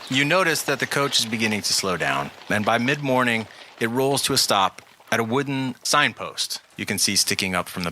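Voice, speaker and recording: A man narrating a tabletop role-playing game as game master, setting scenes in a measured, descriptive way. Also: on the low side, bright, forceful tone, slight background noise.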